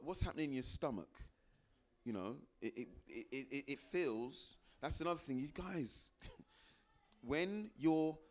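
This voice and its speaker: A man giving a motivational talk to a live audience, repeating phrases for emphasis and acting out little exchanges with sudden jumps into a high voice. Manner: animated, acts out little dialogues with sudden high jumps in pitch. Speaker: guest speaker.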